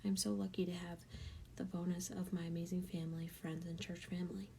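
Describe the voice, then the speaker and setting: Young woman, earnest devotional talk, gravelly voice, mellow tone, faint hiss. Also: lowish voice, flat delivery, brisk. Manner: earnest, emotional, often soft and breathy. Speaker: Bible study vlogger. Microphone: tablet mic.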